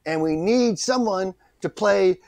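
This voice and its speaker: Here a middle-aged man appearing as an actor guest spins an anecdote with lively energy, performing each person's voice. He speaks a little slowly in a high, gravelly voice, with a slight hiss or hum in the audio.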